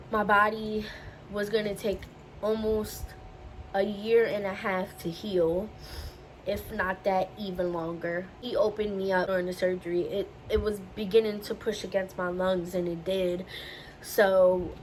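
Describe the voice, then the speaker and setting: A woman's voice: lowish voice, slight background noise, poor audio. A young woman vlogger telling a personal story in a casual, emotional way, often repeating herself as she recounts it. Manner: emotional, repetitive retelling.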